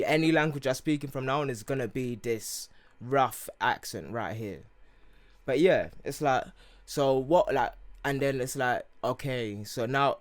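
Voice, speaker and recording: A young man with an English accent, of Nigerian heritage, chatting casually as a podcast co-host and rambling with many fillers. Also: medium pitch. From Nigeria (Yoruba heritage). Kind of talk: casual chat.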